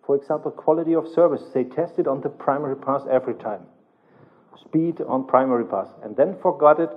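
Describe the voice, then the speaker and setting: A man's voice: mid-range voice, brisk. Man lecturing, ending phrases with "yeah?". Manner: tags nearly every phrase with a questioning "yeah?"; non-native, broken English phrasing. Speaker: conference instructor. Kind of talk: technical lecture. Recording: tinny, narrow-band conference recording.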